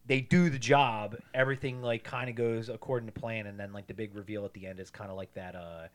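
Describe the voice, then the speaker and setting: A man's voice: fairly low pitch, fairly even intonation, fast talker. Guy on a movie podcast, rambles thru the plot, does little voices for everyone, swears a lot. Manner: rambling, acts out characters in quotes, swears. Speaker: podcast co-host. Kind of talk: casual movie chat.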